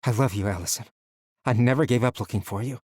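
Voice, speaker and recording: A man's voice: mid-range voice, fast talker, a little mellow, breathy edge, dry recording, studio quality, natural voice. A man reading a desperate young hero. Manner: urgent and pleading.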